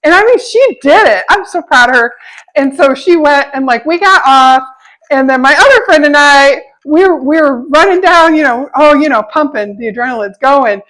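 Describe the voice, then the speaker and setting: Chatty high-voiced woman telling stories. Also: lively intonation, normal speed, a bit bright, poor audio. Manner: chatty, laughs often, acts out quoted voices. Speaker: vlogger. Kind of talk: casual storytelling vlog.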